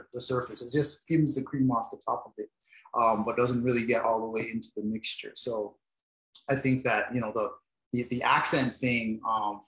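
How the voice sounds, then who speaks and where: A man's voice: mid-range voice, a bit bright. A man with a Jamaican-influenced Toronto accent moderating a panel discussion over a video call, talking emphatically with many restarts. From Canada. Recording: roomy echo.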